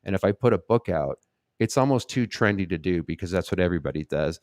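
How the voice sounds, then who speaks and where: A man with a very low voice hosts a casual live Q&A, reading out viewers' questions and answering them. He talks bluntly and swears freely, wandering through his points. The sound is dry and close. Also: expressive, fast talker, darkish tone, no room sound. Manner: blunt, rambling and profane.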